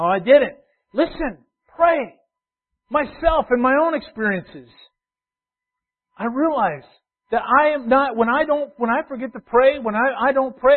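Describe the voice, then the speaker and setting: Man, pastor, sermon, high-pitched, loud urging then quiet asides, tinny phone-quality sound.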